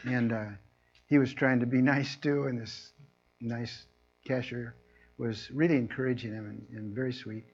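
A man preaching a conversational sermon, telling everyday stories and acting out people's lines in a raised, animated voice. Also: medium pitch, moderate pace. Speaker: pastor. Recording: muffled lo-fi recording.

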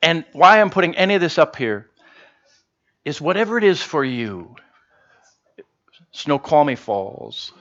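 A man delivers a sermon in a slightly high voice that swoops lively up and down. His delivery is chatty and humorous as he teases the congregation. The sound is dull and lo-fi. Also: measured pace, long pauses. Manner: humorous, conversational, animated. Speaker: pastor. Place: church service.

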